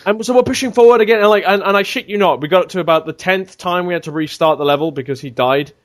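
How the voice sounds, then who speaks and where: A man telling a gaming story on a casual podcast, animated and swearing freely. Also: sits high, fast. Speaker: podcast regular.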